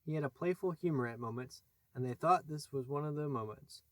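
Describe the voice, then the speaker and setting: A man's voice: on the high side, dry recording. Man reading a classic story aloud. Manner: measured storytelling. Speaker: audiobook narrator. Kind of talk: scripted narration.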